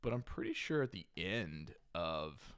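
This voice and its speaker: A man's voice: low-pitched, big pitch swings, a little slow, a bit bright, smooth, dry recording, clean studio sound. A young man hosting a livestream in casual chat, rambling, trailing off and correcting himself as he remembers. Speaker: livestream host.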